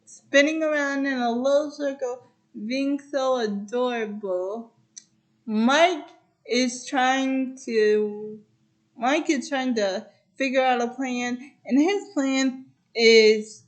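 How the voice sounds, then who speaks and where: A woman's voice: high voice, takes it slowly. A woman casually retelling a movie plot, rambling and stringing events together with repeated "and then". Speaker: host.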